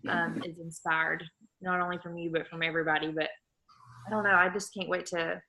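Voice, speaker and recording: A woman hosts a video call, speaking in an encouraging, lightly teasing way. A loud layer of background noise sits under her voice on the call. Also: lowish voice, little pitch movement, brisk, gravelly. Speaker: meeting host. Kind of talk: casual video call chat.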